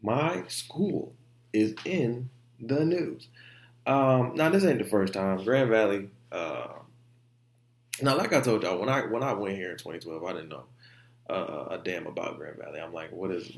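A man's voice: fairly low pitch, a little slow, vocal fry. Heated, profane young man in echoey room. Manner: heated, profane, repeats himself. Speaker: podcast host. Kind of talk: solo casual podcast rant. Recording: roomy echo.

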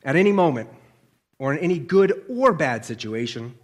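A man preaching a sermon earnestly, putting direct questions to the listener and dropping his voice for quieter asides. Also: fairly high pitch, very animated, moderate pace.

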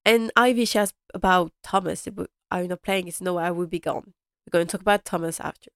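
Chatty lady recapping an episode, lowish voice, dry close sound, laughs a lot. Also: fast, fairly bright tone, clear, resonant tone, dry recording. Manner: chatty, laughs often, retells scenes. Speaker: podcast host.

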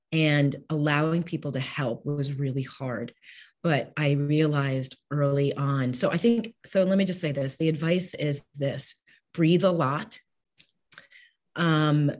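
A woman's voice: sits low, darkish tone. A middle-aged woman speaking as an interview guest, talking candidly and emotionally about caring for her husband, often rambling and restarting. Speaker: guest, caregiver widow.

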